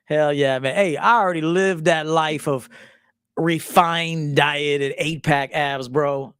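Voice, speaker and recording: A man in his forties, a men's life coach, telling stories in a profane, animated casual monologue, acting out quotes. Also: on the high side, slow, clear, resonant tone, no echo, clean studio sound. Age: 40s. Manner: profane, animated storytelling with acted quotes and laughs.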